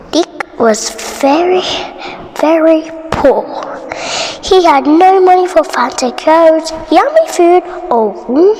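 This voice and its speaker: A woman with an Indonesian accent reading a bedtime story aloud in a soft, often whispery voice. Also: sits high. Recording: reverberant room, faint noise.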